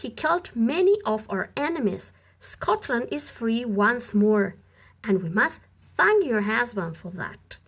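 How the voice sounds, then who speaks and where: A woman's voice: on the high side, sing-song, unhurried, slightly rough, heavily acted. A woman reading a hearty, genial king. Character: genial grateful old king.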